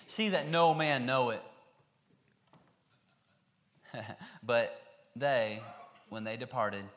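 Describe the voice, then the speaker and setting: A man preaching a sermon, reading scripture aloud and then acting out the characters in lively voices. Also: mid-range voice.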